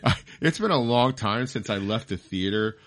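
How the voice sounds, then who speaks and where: A man's voice: lowish voice, expressive, normal speed, fairly bright tone. A man co-hosting a podcast, ranting with heavy swearing in a casual movie review chat. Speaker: podcast co-host.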